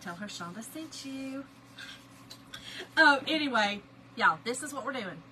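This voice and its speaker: A middle-aged woman, chatting and telling animated family stories to viewers while she crafts on a livestream. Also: high-pitched, a little slow, slight background noise, rough recording. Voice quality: lively, animated storyteller, greets chat viewers by name.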